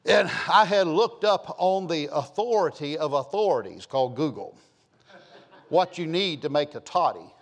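A man's voice: on the high side, lively intonation, normal speed. A middle-aged man preaching a sermon, telling folksy stories and rising to emphatic points. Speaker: pastor.

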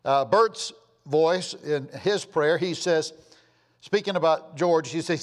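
A man preaching a sermon in an earnest, pleading way, his voice dropping softly at the ends of phrases. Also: on the high side, takes it slowly, long reverb tail.

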